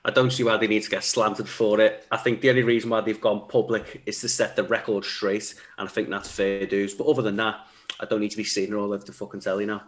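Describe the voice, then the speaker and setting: A man's voice: on the low side, level tone, fast. A man chatting easygoing and casual with friends on a podcast. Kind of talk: casual chat.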